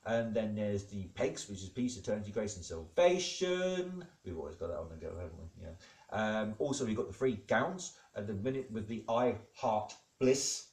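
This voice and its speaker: A man hosting a comedy show as God, telling jokes in a rambling, deadpan way with many fillers. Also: fairly low pitch, moderate pace. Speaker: comedic host playing God. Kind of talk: improvised comedy monologue. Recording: echoey room.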